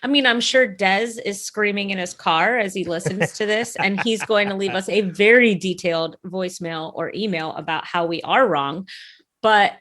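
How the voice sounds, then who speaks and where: A woman's voice: medium pitch, a bit bright. Playful, teasing woman podcast co-host. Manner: playful, quick to laugh, teasing. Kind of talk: casual chat.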